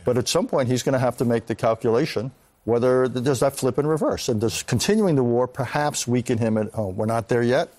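An older man, a veteran diplomat, answering questions in a live news interview in a measured, analytical way. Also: mid-range voice, lively intonation, a little mellow. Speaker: foreign policy analyst guest.

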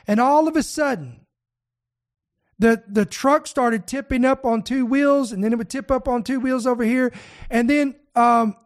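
An older preacher hosting an online talk show, telling stories with animated emphasis, often repeating words and calling the listeners "guys.". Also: sits high.

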